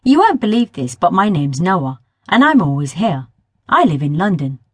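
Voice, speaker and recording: A cheeky, grinning boy, put on by a woman reading a children's story, who teases with a lively, bouncing voice. The sound is close and dry, with a slightly husky edge. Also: fairly low pitch, normal speed, no echo. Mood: teasing. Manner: playful, teasing. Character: cheeky red-haired boy, a bit older, mischievous.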